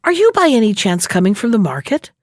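A woman's voice: fairly high pitch, big pitch swings, fast talker, dry recording, studio quality. A woman voicing a crafty male knave in a storybook reading, speaking with false pity. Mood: falsely pitying.

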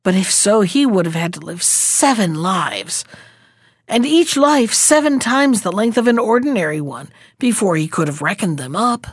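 A woman reading a fairy tale aloud as narrator, measured and expressive. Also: mid-range voice, slightly rough, no echo, studio quality. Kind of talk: storybook reading.

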